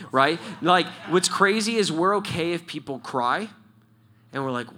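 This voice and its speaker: Animated, bright-voiced male church leader. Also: a little high, unhurried. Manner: animated, storytelling, laughs often. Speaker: church leader answering questions. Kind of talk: casual spoken teaching.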